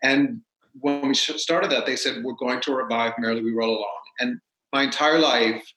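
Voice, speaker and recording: A man, a stage actor as a guest, telling stories in a casual, animated way and acting out what people said. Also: medium pitch, normal speed. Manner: animated, acts out quotes. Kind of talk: casual storytelling. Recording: roomy echo.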